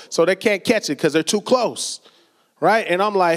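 Here the pastor's voice sits high and moves at a normal speed. His sermon feels like a conversation, full of stories, acted-out quotes and the occasional laugh.

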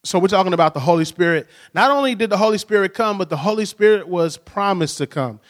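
A man's voice: sits high, expressive, fast talker. A man preaching a conversational sermon, telling stories and often checking in with "right?". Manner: storytelling, frequent "right?" tag questions. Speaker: pastor. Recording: long hall reverb.

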